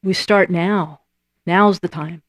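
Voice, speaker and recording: A woman preaching a sermon, lively and emphatic, acting out the voices she quotes and repeating lines for emphasis. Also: on the low side, slow, no room sound, dull audio.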